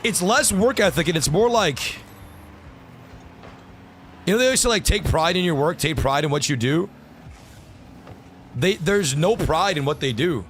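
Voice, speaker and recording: A man's voice: a little high, animated, normal speed, pauses often, a bit bright, a little hiss or hum. A man livestreaming a game, talking to chat in frustrated rants and swearing freely. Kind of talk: gaming livestream commentary.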